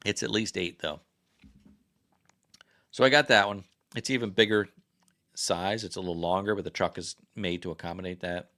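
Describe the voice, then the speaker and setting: A man's voice: low voice, normal speed, pauses often, pushed and bright. A man hosting a casual livestream chat, rambling and chatty and often correcting himself. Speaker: livestream host.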